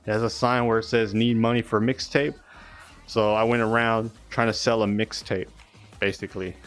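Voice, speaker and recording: A man's voice: lowish voice, flat delivery, a little fast, a bit bright, clear, resonant tone, soft background music. A young man chatting casually and rambling on a live stream, swearing often.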